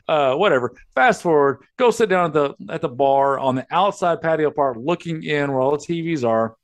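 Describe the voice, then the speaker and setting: A man's voice: a little high, animated, normal speed, few pauses. A man hosting a podcast, ranting and telling stories in a casual, profane way. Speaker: podcast host.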